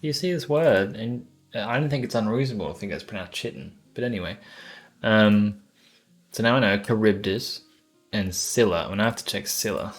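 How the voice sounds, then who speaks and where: A man's voice: lowish voice, normal speed, faint music behind. Laid-back rambling male streamer. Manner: rambling, sounds out tricky words aloud; laid-back and swears casually. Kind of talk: casual live-stream chat and reading aloud.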